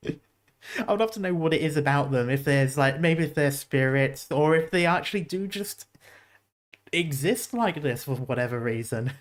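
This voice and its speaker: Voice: mid-range voice, expressive, moderate pace. A streamer reacting to game trailers in casual commentary, rambling and laughing often.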